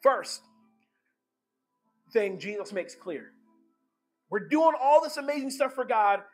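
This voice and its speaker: A man preaching an energetic sermon, excitable and emphatic, swinging between loud bursts and hushed lines. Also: extremely high pitch.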